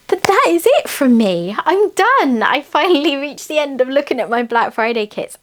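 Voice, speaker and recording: A woman from the United Kingdom hosting a casual craft channel, chatting enthusiastically at home as she unboxes kits. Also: a little high. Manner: chatty, enthusiastic, laughs often.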